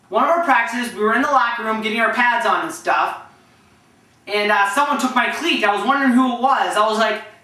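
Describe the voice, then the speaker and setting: Bright-voiced man telling anecdotes, echoey. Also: extremely high pitch, fairly quick. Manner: animated storytelling, acting out quotes with restarts. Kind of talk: casual anecdotes. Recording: echoey room, distant from mic.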